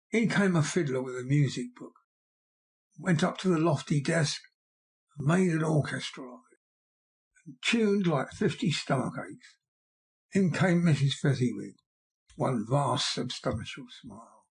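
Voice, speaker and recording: A man narrating an audiobook in a measured, expressive storytelling manner. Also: a little high, husky.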